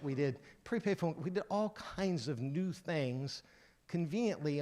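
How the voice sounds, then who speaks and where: A man in his sixties giving a conference keynote, telling career stories and acting out the voices of the people in them. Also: mid-range voice. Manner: anecdotal, lively storyteller acting out dialogue. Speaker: keynote speaker.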